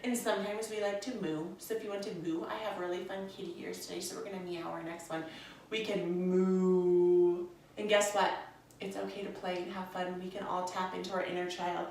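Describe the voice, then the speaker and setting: A woman's voice: mid-range voice, steady tone, fast talker, gravelly, slight background noise. Young woman yoga teacher, soothing and encouraging, sounds far off in a really echoey room. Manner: soothing, encouraging, calls listeners friends. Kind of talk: guided yoga instruction.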